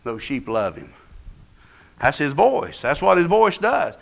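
A man's voice: a little high, big pitch swings, measured pace, gravelly. A man preaching a sermon in an emphatic, rising and falling cadence. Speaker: pastor. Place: church.

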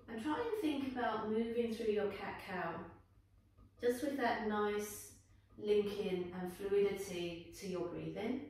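A woman yoga teacher calmly talking students through a guided flow, with gentle encouraging cues. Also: medium pitch. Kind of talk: guided yoga class instruction. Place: indoor room, teacher on her mat. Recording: echoey room, voice from a distance, faint background noise.

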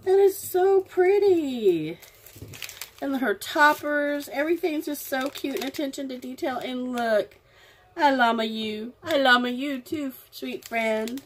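A woman's voice: high-pitched, fairly bright tone, slight background noise. A woman vlogger, gushing affectionately as she opens crafting mail at home. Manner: gushing, affectionate, slow and drawn-out. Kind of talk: casual unboxing chat.

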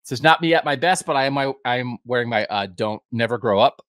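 A man's voice: medium pitch, quick pace, a bit bright, no echo, studio quality. A man in his fifties, a podcast host giving a casual, rambling, self-deprecating update from home. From United States. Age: 50s.

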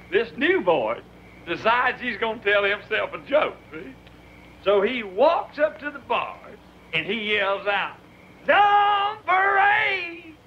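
An actor playing a loud, dim-witted biker man who drawls out a joke and cackles at his own punchlines, on a muffled old film soundtrack. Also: very high voice, a little hiss or hum, full character voice. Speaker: biker gang member. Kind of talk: 1960s B-movie acting.

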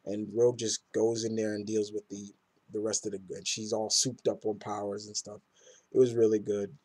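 A man's voice: on the low side, little pitch movement, normal speed, darkish tone, slightly rough. A man casually reviewing comic books in a rambling, enthusiastic way with many fillers.

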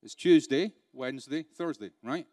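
A man's voice: mid-range voice, animated, normal speed, darkish tone, dry recording. A man with a British accent giving a live keynote at a conference, talking conversationally with rhetorical questions and dry sarcasm. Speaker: keynote speaker. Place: conference room.

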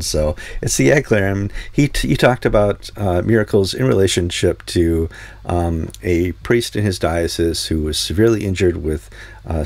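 A man's voice: deep voice, a little mellow, dry recording. A man hosting a news talk show, telling stories in a casual, rambling way with many fillers. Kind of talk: casual chat.

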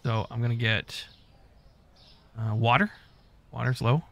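Gravelly-voiced man swearing through gameplay. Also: medium pitch, measured pace, fairly bright tone. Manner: profane, talks to game characters, mock-scolds customers and staff. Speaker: gaming YouTuber. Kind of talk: casual gameplay commentary.

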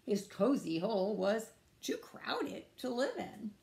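Slow, lively storytime librarian. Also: female voice, a little high, creaky. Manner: slow, lively, questions to children. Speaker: children's librarian. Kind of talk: preschool storytime reading. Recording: echoey room.

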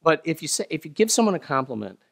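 Pastor, man, slightly higher voice, delivers a chatty, self-deprecating sermon. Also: very animated, gravelly. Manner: conversational, self-deprecating, acts out little dialogues; slow, solemn scripture reading.

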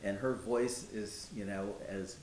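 Man acting a respectful 1790s visitor, measured, lots of ums, lowish voice, echoey room, faint rumble. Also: steady tone, a little mellow. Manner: measured, listing facts with many ums. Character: man giving news of freed neighbors, respectful and steady. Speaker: historical reenactor. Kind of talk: historical reenactment dialogue. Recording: roomy with faint low rumble.

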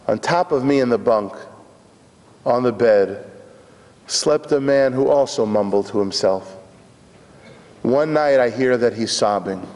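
An older man, a rabbi, telling a story in sermon style, dramatic and shifting between hushed and soaring delivery. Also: mid-range voice. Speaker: rabbi giving a lecture. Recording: hall reverb.

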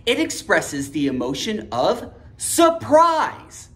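Upbeat young woman grammar teacher; very lively pitch, slow deliberate pace. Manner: upbeat, emphatic, cheerleading students. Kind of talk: online grammar lesson.

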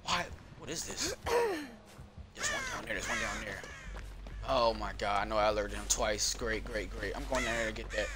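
A man giving casual live commentary over his own gameplay, excitable and easily frustrated, repeating phrases and using slang. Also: lowish voice, normal speed, very noisy. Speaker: gaming YouTuber.

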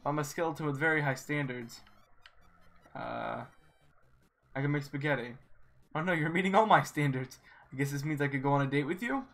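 A man's voice: fairly high pitch, brisk, creaky, long pauses, a bit bright. A man reading out the lines of a boastful, goofy male skeleton in a video game, in a grandiose, self-important way. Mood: smug. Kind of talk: reading game dialogue aloud.

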